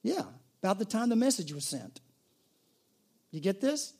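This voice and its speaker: Man, pastor, sermon, high voice, chatty storytelling, restarts. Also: big pitch swings, moderate pace, a little mellow, slightly rough. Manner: conversational storytelling with restarts and asides.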